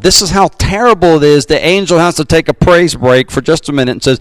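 A man's voice: a little high, fast talker, few pauses, dry recording, rough recording. A man preaching a sermon as pastor in a folksy, emphatic style.

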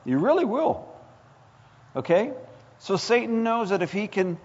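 A man's voice: sits high, very animated, a little slow. A male pastor preaching a sermon with impassioned build-ups and rhetorical questions. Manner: impassioned, rising to near-shouts, rhetorical questions. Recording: echoey hall, dull lo-fi sound.

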